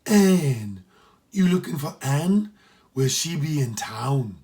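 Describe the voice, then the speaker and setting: A man's voice: medium pitch, expressive, unhurried, dark tone, close to an everyday voice. A man voicing a stern, matronly woman at a door who speaks in a curt, suspicious way.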